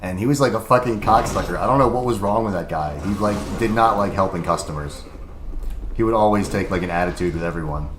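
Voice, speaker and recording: A man's voice: low voice, fast, a bit bright. A young man streaming a game, chatting casually and rambling with lots of filler words and swearing. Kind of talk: casual gaming livestream chat. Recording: echoey room with faint background noise.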